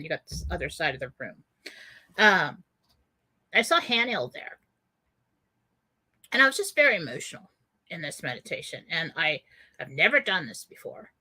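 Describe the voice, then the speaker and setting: A woman's voice: low-pitched, pushed and bright. A woman radio host telling a personal story in a casual way, with many fillers and frequent laughs.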